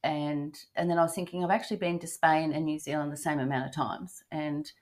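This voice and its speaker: This deep-voiced older woman from Australia keeps a steady tone and a brisk pace as host of a travel podcast. Her chat is casual and cheerful, full of fillers and false starts.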